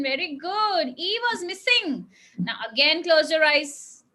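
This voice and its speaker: Woman teacher, bright voice, unhurried, coaxing small kids. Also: sits high, very animated, slight background noise, low-quality recording. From India. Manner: patient, drawn-out, coaxing teacher talk. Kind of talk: classroom phonics lesson with children.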